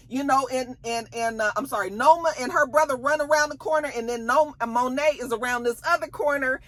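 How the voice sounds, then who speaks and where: Female vlogger, slangy and dramatic, a touch high-pitched. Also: fairly quick, hardly any pauses, no room sound. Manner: animated, dramatic, slangy storytelling. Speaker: TV recap vlogger. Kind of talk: casual recap chat.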